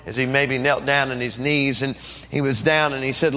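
In a church, a middle-aged male pastor preaches a sermon and dramatically acts out pleading prayers. His voice is medium-pitched and steady with a sharp tone, and he talks fairly quickly, captured on a dull, echoey church recording.

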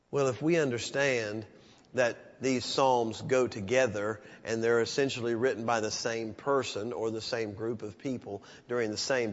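A pastor preaching a sermon, swinging from loud raised peaks down to hushed, low passages. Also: male voice. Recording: dull sound with long church reverb.

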